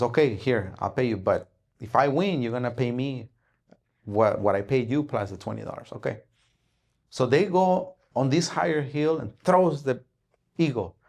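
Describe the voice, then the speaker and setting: Male speaker, mid-range voice, animated motivational storyteller who voices his characters. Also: mid-range voice, creaky. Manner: animated storytelling, acts out dialogue, frequent "right?" tag. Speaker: speaker at an investing event. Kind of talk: motivational talk with a parable.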